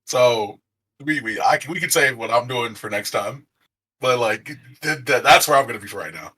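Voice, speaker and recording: A man's voice: medium pitch, lively intonation, normal speed, pushed and bright, breathy edge, rough recording. A man playing a tabletop game, chatting casually, repeating himself and swearing. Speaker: player.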